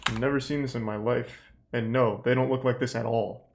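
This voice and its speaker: Guy streaming and ranting at a video, sarcastic, swears a lot, mid pitch. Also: steady tone, fairly quick, vocal fry, background noise. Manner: sarcastic, swearing, incredulous reactions. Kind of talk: casual livestream commentary.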